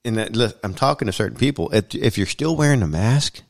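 A man's voice: fairly low pitch, lively intonation, a little fast, creaky, background noise. A man hosting a casual podcast chat, talking bluntly and emphatically and swearing freely. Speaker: podcast host.

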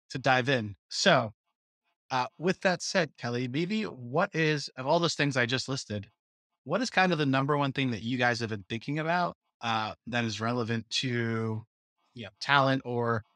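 A male podcast host with a bright, forceful voice, chatting casually and joking, often restarting his sentences. The sound is dry and close. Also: mid-range voice, no room sound. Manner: jokey, rambling with restarts. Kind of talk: casual chat.

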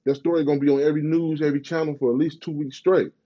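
A man's voice: on the high side, fairly even intonation, racing, lo-fi sound. A man, ranting in a profane, rambling, slang-heavy way in a casual vlog. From Bay Area, California. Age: 30s.

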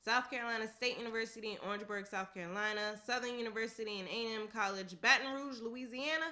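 A woman with a bright, forceful voice reads through a long list in a relaxed, casual way. She keeps a steady rhythm, laughs often, and drops in offhand asides. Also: a little high, quick pace. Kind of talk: casual reading of a list aloud.

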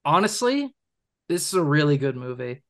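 A man's voice: fairly high pitch, very animated, moderate pace, fairly bright tone. A young man co-hosting a film podcast, talking enthusiastically in a rambling way with fillers and laughs. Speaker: podcast co-host. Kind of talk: casual film discussion.

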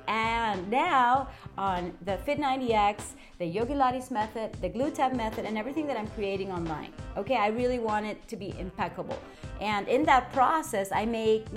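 A woman hosting a motivational podcast monologue, talking in a chatty way, often checking in with the listener and shifting her tone and inflection as she gets excited. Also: medium pitch. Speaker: podcast host.

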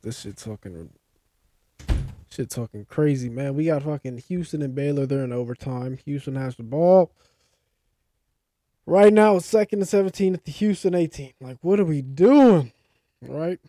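A man's voice: a little high, dark tone, no echo, studio quality. A young man co-hosting a casual sports podcast, ranting and swearing heatedly about his team's play. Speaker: podcast co-host.

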